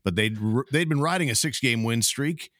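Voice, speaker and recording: An upbeat man hosting a casual sports podcast, his voice bright and forward. The sound is close and dry, with no room around it. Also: medium pitch, normal speed, no room sound. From Canada. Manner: upbeat, rattles off sponsor and member names. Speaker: podcast co-host.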